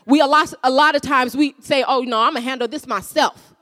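High-voiced woman preaching in a reverberant hall. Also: brisk, a bit bright. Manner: earnest, repeats phrases for emphasis. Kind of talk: sermon.

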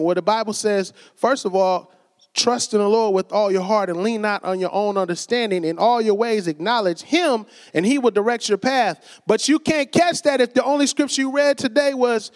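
A man's voice: high voice, normal speed. A man preaching a casual, conversational sermon in a church, calling for amens and acting out quoted voices. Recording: long reverb of a church hall.

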